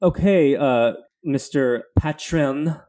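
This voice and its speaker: A man's voice: on the high side, slow pace, warm tone. A man from Louisiana with a Southern accent, co-hosting a podcast, reading a scripted intro and then bantering in a playfully defiant way. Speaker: podcast co-host.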